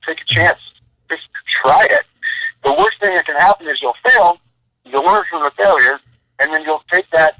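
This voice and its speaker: A man with a strikingly bright, forceful voice talks bluntly in short, punchy bursts of encouragement. He is a military veteran on a podcast, urging listeners on, and his voice sits dry and close with almost no room sound around it. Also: on the high side, creaky, no room sound, rough recording. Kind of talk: motivational conversation.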